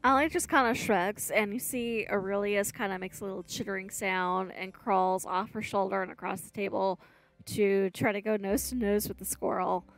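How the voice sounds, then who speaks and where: A woman player in a tabletop game, calm and measured as she describes her character. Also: mid-range voice, dry recording. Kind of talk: tabletop role-play.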